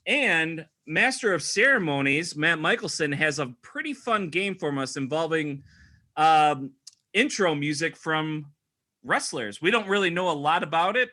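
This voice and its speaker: A man's voice: on the high side, sharp tone. A man hosting a casual wrestling podcast over a video call, upbeat and introducing his co-hosts. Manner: upbeat, hypes up the guests. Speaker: podcast host.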